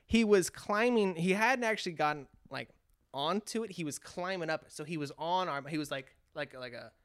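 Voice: medium pitch, brisk, no echo, clean studio sound. A speaker from California telling a long personal story in casual chat, acting out quotes with lots of restarts. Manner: animated, acts out quotes, frequent restarts.

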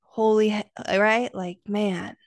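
A woman's voice: mid-range voice, steady tone, takes it slowly, no echo. Enthusiastic woman host, dry close sound. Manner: enthusiastic, affirming listener, tells jokes animatedly. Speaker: podcast host. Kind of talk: casual conversational chat.

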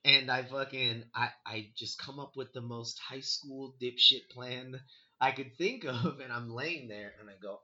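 Young guy, bright forceful tone, casual storyteller, swears, acts out his reactions; slightly muffled recording. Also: medium pitch, a little slow. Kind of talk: casual chat, telling a ghost story.

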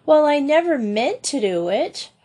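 A woman reading aloud, voicing a lively, boisterous schoolgirl in an eager, excitable way. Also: high-pitched, unhurried, pitched above the performer's own voice.

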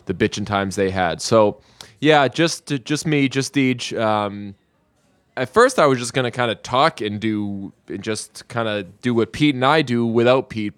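A man's voice: fairly low pitch, clear, resonant tone, dry recording. A young man hosting a podcast alone, chatting loosely with frequent fillers and swearing. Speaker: podcast host. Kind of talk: casual solo podcast chat.

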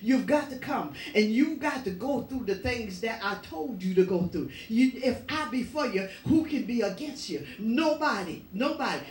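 A woman's voice: medium pitch, lively intonation, measured pace, a little mellow. A woman preaching a sermon in church, with an emphatic, repetitive preaching cadence. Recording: echoey room, voice from far off.

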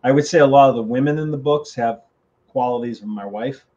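An older male author in a casual interview, telling animated stories and acting out conversations. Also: mid-range voice, brisk. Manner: animated, acts out quoted phone calls. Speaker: author guest. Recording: slightly dull lo-fi audio.

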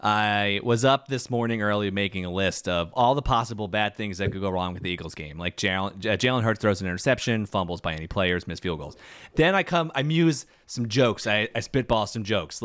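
A man co-hosting a podcast in casual chat, telling jokey stories in an animated way. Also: on the low side, fairly quick, clean tone, no echo. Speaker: podcast co-host.

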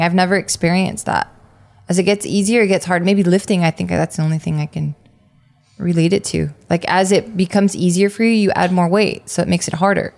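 A woman's voice: fairly low pitch, gravelly, darkish tone. A woman co-hosting a podcast, chatting casually about parenting, swearing freely, with lots of fillers. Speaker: podcast co-host.

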